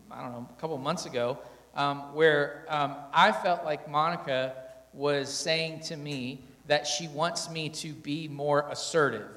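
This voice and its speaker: A man's voice: a little high, a bit bright. A man speaking candidly to an audience about his marriage, often acting out his own and his wife's words. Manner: candid, self-deprecating, quotes himself and his wife. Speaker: husband on stage in a couples talk. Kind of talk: storytelling talk to an audience. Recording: echoey hall reverb.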